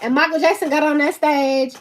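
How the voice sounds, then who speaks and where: A woman's voice: high-pitched, steady tone, brisk. A woman, hosting her own channel and talking casually and emphatically to camera, laughing often. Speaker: channel host.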